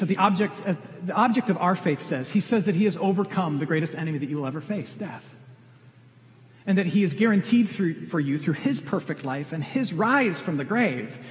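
His voice high and expressive, the middle-aged pastor speaks a little fast as he presses direct, earnest questions on his listeners during a sermon. A large hall lends a long reverb.

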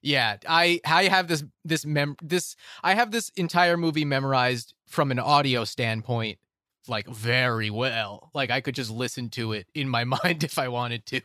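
A man's voice: mid-range voice, normal speed, bright, forceful tone, no echo, clean studio sound. A young man hosting a casual movie podcast, rambling and laughing often as he talks. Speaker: podcast host.

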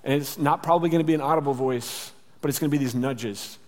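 A man's voice: medium pitch, fast talker, darkish tone. A male pastor giving a conversational sermon, sometimes acting out little exchanges. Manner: conversational, with acted asides. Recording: church hall reverb.

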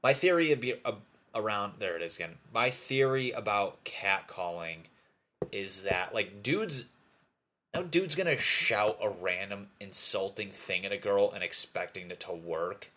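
A man's voice: lowish voice, animated, unhurried, pushed and bright, a little hiss or hum. A young man talking alone in a casual, rambling monologue, swearing a lot and restarting his sentences often. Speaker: podcaster.

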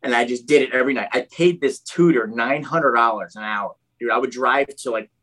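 A young podcast guest narrates his own story in an easygoing, spirited chat. He loves the word "dude," often begins sentences again, and speaks briskly at a medium pitch.

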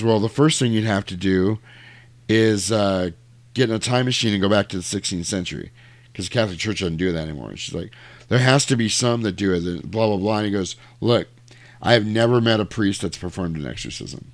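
A low-pitched man talks casually, retelling a film's plot and slipping into quick character voices. The sound is dry and close, with no room around it. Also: no echo. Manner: animated storyteller acting out lines in quick voices. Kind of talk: casual chat retelling a movie.

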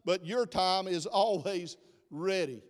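A calm young man, mild and matter-of-fact, as a Southern pastor acts him out in a sermon. The voice sits high and lifts a little, carried on the long reverb of a church. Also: slow.

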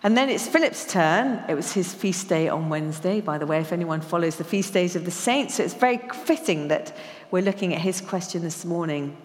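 Lower-voiced woman preaching in reverberant church. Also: lively intonation. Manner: conversational, reads scripture slowly and emphatically. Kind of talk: sermon.

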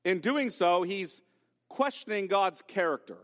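High-voiced man preaching in a reverberant hall. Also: expressive, unhurried. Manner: emphatic, repeats key phrases, reads scripture aloud. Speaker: pastor. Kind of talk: expository sermon. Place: church sanctuary. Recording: long reverb from a large hall.

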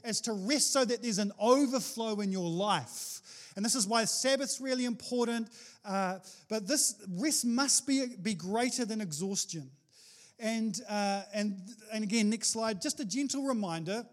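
A man preaching a sermon as pastor, animated and jokey, with sudden exclamations to the congregation. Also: high-pitched, a little slow.

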